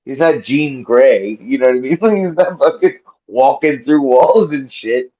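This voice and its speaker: A man's voice: medium pitch, lively intonation, measured pace, warm tone. Blunt, laid-back male player. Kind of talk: casual role-play chat. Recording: dull lo-fi mic.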